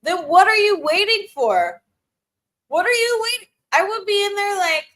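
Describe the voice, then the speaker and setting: A woman's voice: very high voice, expressive, moderate pace, fairly bright tone. A young woman hosting a casual live-stream Q&A, giggling often and teasing her chat as she gives playful advice. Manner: giggly, laughs often between phrases.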